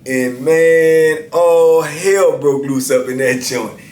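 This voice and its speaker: A man's voice: fairly high pitch, slow, darkish tone. A man in his fifties casually telling stories as a channel host, laid-back and peppering his talk with "man" and "you know what I'm saying.". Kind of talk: casual storytelling. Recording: echoey room with faint background hiss.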